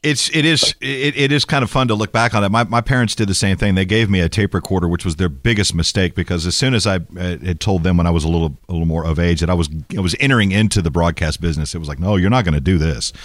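Quick-talking low-voiced male host. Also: a bit bright, no echo, studio quality. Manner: quick, chatty with repeated restarts. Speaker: radio or podcast host. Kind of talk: casual interview chat.

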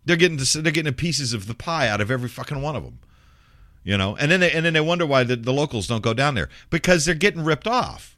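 A man's voice: fairly high pitch, lively intonation, quick pace, sharp tone, dry recording, clean studio sound. A middle-aged man from Memphis, a radio host ranting bluntly and profanely in casual talk. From Memphis, Tennessee. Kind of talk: casual rant.

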